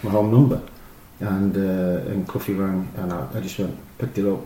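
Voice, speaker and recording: Low, mellow man telling rambling anecdotes. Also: moderate pace. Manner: rambling, animated, lots of fillers and restarts. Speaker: former professional footballer, guest. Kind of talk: casual anecdotal storytelling. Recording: roomy echo with faint noise.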